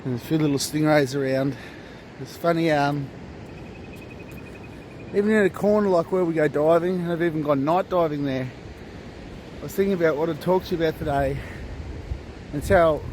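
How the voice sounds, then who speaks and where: A man's voice: fairly high pitch, a little mellow, a little hiss or hum. A man with an Australian accent, chatting casually on a beach vlog in a laid-back, rambling way and swearing freely. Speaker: vlogger. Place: outdoors at a beach.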